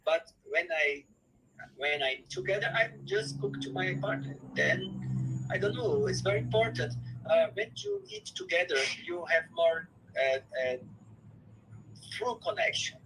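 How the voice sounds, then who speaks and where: A man speaking as a psychologist guest on a live chat, talking in halting English with many repeats and restarts. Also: fairly high pitch, very animated, fairly bright tone, a little hiss or hum, rough recording.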